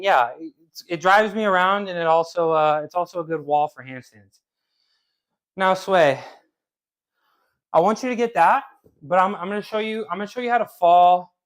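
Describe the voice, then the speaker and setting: A man casually coaching handstands during a live workout stream, rambling and repeating himself as he talks to chat. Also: sits high. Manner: talks to chat while exercising. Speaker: fitness streamer.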